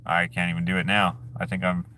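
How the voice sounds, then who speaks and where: A man's voice: low-pitched, completely flat delivery, fast, bright, forceful tone. A man hosting a casual live chat who reads viewer comments aloud and jokes and laughs at himself in a laid-back way. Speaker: streamer host.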